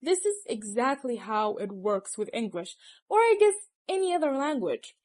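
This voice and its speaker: Young woman, slightly high pitch, casual and teasing advice-giver. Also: very animated, moderate pace, a little mellow. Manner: chatty, teasing, laughs often. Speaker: language tips presenter.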